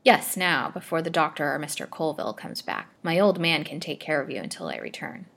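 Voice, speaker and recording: A greedy old crone with a cracked voice, as a woman reads her aloud. She answers in short, sly, grasping lines. Her voice stays low for a woman, and she is cunning throughout this storybook tale. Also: animated, brisk, creaky, a bit bright, exaggerated voice. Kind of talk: storybook reading.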